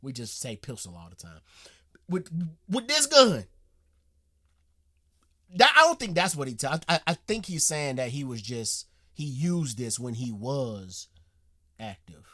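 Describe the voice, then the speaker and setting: A man hosting a reaction video, talking casually in slang, rambling with restarts and breaking into loud, profane outbursts. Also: medium pitch, sing-song, normal speed. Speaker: reaction channel host.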